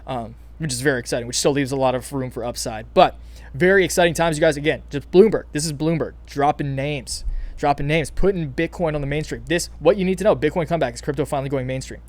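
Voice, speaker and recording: A young man hosting casual crypto market commentary, excited and hyped, with frequent restarts and calls to "you guys". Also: on the high side, fast talker. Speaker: crypto channel host.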